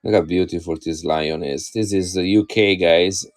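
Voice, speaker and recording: Low-voiced man selling coins live. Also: steady tone, normal speed. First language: Italian. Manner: chatty, enthusiastic, addresses viewers directly. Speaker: live-stream coin seller. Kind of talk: casual live-stream selling chat.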